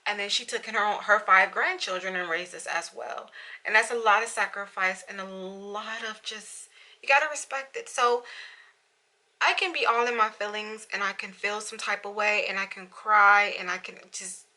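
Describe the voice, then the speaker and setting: A young woman with a very bright, sharp voice talks openly to her camera at home in a casual confessional vlog. She is tearful and struggling to hold back crying, and her talk keeps circling back through "you know"s. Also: medium pitch, normal speed, low-quality recording. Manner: candid, emotional, many "you know"s. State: tearful, fighting back tears. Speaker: beauty vlogger. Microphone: camera in front of her.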